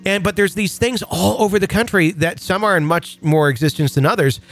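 A man's voice: high-pitched, fairly quick, fairly bright tone, faint music behind. A man from Wisconsin hosting a paranormal podcast, rambling casually with laughs and the odd swear. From Wisconsin, USA. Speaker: podcast host.

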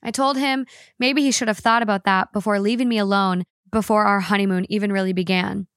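A woman's voice: mid-range voice, fairly quick, clean tone, no room sound. Woman reading a story aloud, dry sound. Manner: expressive storytelling read. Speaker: podcast co-host reading a story. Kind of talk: reading aloud, then casual chat.

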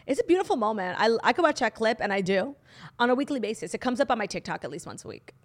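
A woman's voice: on the high side, sing-song, quick pace. A young woman co-hosting a podcast, chatting casually and gushing, swearing freely and laughing often. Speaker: podcast co-host. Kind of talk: casual chat.

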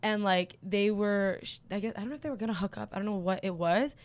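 A young woman talking as a podcast guest in casual chat, animated and peppered with "like" and swearing. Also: medium pitch, quick pace, no room sound.

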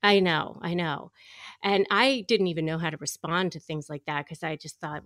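A woman's voice: lowish voice, normal speed, a bit bright, dry recording, clean studio sound. A middle-aged woman, a guest attorney, telling a story with animation in a podcast interview. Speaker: guest, divorce attorney and negotiator.

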